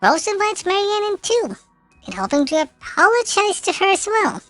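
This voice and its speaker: A woman's voice: very high voice, very animated, moderate pace, a bit bright, soft background music. A woman streamer reading game narration aloud, with occasional slips and self-corrections.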